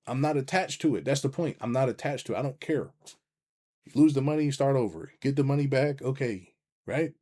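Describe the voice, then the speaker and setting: A middle-aged man giving a blunt, profane, animated rant as a business coach, talking to his livestream viewers and reading their chat. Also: medium pitch, brisk.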